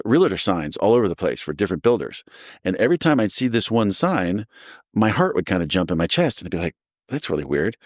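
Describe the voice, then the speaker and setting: A middle-aged man tells a long personal story in a low, close, dry voice. He is animated and jumps into the voices of the people he quotes. It sounds like relaxed conversation rather than a prepared talk. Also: dry recording. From New Jersey. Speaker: guest sharing recovery story. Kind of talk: casual storytelling.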